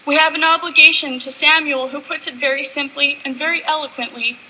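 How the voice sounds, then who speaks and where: A woman's voice: sits high, steady tone, fairly quick, bright, forceful tone, slight background noise, poor audio. A woman legislator giving an earnest, impassioned formal speech in a legislative chamber. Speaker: provincial legislator.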